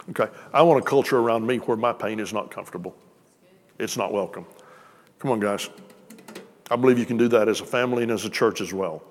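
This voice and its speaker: A man's voice: lowish voice, brisk, long pauses. A man preaching a sermon to a congregation, talking conversationally and joking with them. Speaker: pastor. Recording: long reverb of a church hall.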